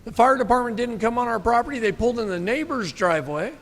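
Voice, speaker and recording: A man's voice: very high voice, animated, fast talker, fairly bright tone, big-room sound. A middle-aged man telling a story to a live audience in a blunt, folksy, emphatic way, with occasional cursing. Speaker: speaker at a live event. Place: meeting room with an audience.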